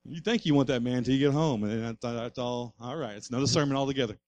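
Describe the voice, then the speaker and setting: A man's voice: mid-range voice, fast talker, darkish tone, lo-fi sound. A man, a pastor, preaching a sermon with rising fervor and repeated refrains.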